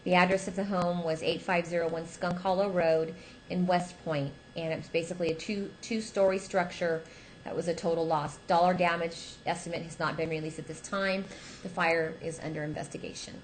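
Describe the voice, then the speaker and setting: A woman's voice: fairly low pitch, steady tone, a little fast, a little hiss or hum, poor audio. A woman co-hosting a casual local news show, reading a fire report and a weather forecast in a chatty way, with fillers. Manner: chatty, with fillers, teasing her co-host.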